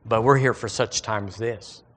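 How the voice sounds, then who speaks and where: A male pastor, preaching an animated sermon and calling on the congregation to repeat lines after him. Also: fairly low pitch, moderate pace.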